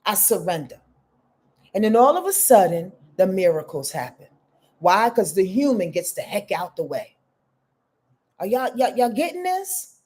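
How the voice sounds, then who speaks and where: A woman hosting a casual live-stream astrology reading, expressive and chatty, speaking straight to her viewers. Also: mid-range voice. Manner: expressive, talks straight to viewers, greets chat by name.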